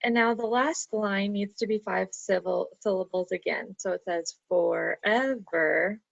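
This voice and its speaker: A woman's voice: mid-range voice, gravelly, dry recording. A woman teacher talking through an online class lesson, patiently explaining step by step and counting syllables aloud. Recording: dull lo-fi computer audio.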